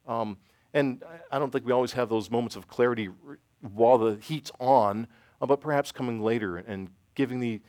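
A middle-aged man leads an informal church teaching and takes questions from the room. He talks in a halting, self-deprecating way and often restarts his sentences. His voice sounds close and dry, with no room echo. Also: medium pitch, expressive. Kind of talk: informal sermon with Q&A.

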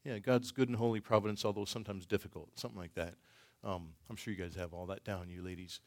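A man teaching a church Bible study class, thinking aloud in a halting way with many pauses and restarts. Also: low voice, fairly even intonation. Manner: thoughtful, halting, with frequent ums and restarts.

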